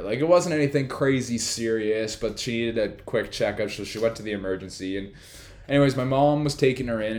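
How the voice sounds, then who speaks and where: Young man, casual rambling storyteller, filler-heavy, echoey room sound. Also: fairly low pitch. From New Brunswick, Canada.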